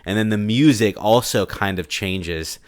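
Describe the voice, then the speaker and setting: A man co-hosting a casual movie review podcast, excitable and quick to act out characters. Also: lowish voice. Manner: excitable, animated quoting of characters. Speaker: podcast co-host.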